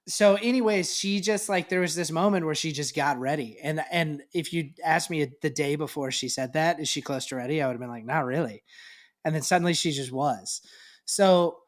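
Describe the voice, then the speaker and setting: Relaxed reflective man, casual podcast dad. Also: fairly high pitch, normal speed. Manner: relaxed, reflective, laughs easily, swears casually. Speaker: podcast co-host, parent. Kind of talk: casual chat.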